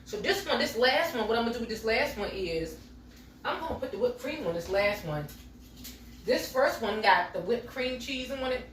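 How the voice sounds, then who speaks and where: A woman's voice: on the high side, expressive, normal speed, slight background noise. A middle-aged woman, chatting to her viewers as she bakes in her home kitchen. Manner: chatty, talks straight to viewers as y'all. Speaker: home baking vlogger. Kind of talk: casual chatty vlog while baking. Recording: echoey kitchen, mic from far off.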